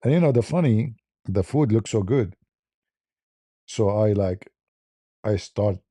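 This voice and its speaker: Gravelly dark-voiced man chuckling through a story. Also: fairly low pitch, dry recording. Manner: chuckling, broken English, many restarts. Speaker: host. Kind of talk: casual storytelling on a live stream.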